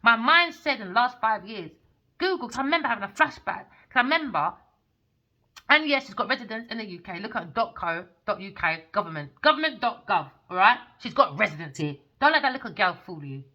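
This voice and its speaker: Excitable, swearing woman reading tarot. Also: fairly high pitch, fairly quick, muffled recording. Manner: excitable, profane, storytelling with laughter. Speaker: tarot reader. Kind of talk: rambling spoken tarot reading.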